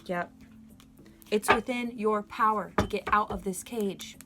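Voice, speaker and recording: A woman's voice: mid-range voice, measured pace, over loud music. A woman giving a collective tarot reading, earnest and emotional, encouraging her viewers directly. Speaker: tarot reader.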